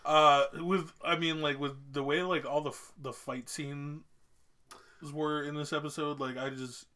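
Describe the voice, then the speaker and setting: Bright-voiced man, eager and chatty. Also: a little high, fairly even intonation, unhurried. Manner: eager, many fillers like "um" and "like". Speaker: podcast co-host. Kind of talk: casual chat.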